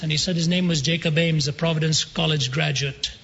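A man preaching a sermon, telling a story with dramatic pauses and slowing down for emphasis. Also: a little high, fairly even intonation, a bit bright. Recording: dull sound with long hall reverb.

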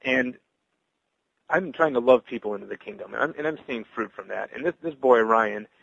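A man's voice: medium pitch, moderate pace, creaky, a bit bright, breathy edge, no echo, dull audio. A man on a podcast giving an earnest personal testimony, stumbling and restarting his words with many fillers. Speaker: podcast guest sharing testimony.

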